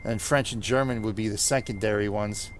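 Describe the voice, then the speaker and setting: A man's voice: lowish voice, steady tone, a little fast, slight background noise. An American man with a Northeastern accent chatting with viewers while he plays, rambling and laughing often. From United States. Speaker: streamer. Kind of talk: gameplay commentary chatting with viewers.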